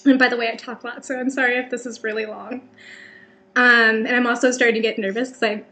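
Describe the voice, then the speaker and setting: A woman's voice: fairly high pitch, little pitch movement, quick pace, pushed and bright. A woman in her twenties from California with an American accent, chatting casually in a vlog, rambling and self-deprecating with lots of fillers. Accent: General American. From California, Bay Area. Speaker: vlogger.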